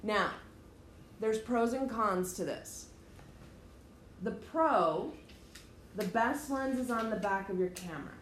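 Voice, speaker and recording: A woman's voice: on the high side, expressive, slow, long pauses, slight background noise. A woman teacher giving a direct, emphatic classroom lecture, explaining things to her students step by step. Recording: echoey room, faint ambience.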